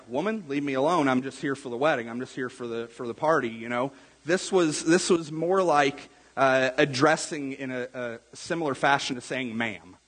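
Husky-voiced man preaching in a reverberant hall. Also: mid-range voice, a bit bright. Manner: casual, conversational, acts out quotes. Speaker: pastor. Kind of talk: sermon.

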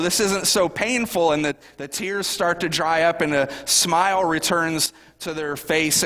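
A man's voice: on the high side, sharp tone, long reverb tail. A middle-aged man, a pastor, preaching a sermon in a conversational way, often asking the congregation questions.

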